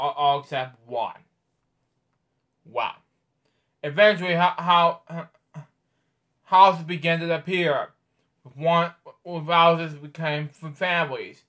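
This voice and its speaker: Male host, bedtime read-aloud, stumbling and chatty, voice on the higher side. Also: a bit bright. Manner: halting reading with stumbles and offhand commentary. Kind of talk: reading a picture book aloud with casual asides.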